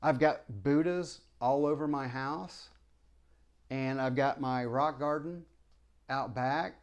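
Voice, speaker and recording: This vlogger, formerly a preacher, talks slowly in a mid-range voice through a rambling monologue to camera. He repeatedly restarts and apologizes, and asks heated rhetorical questions.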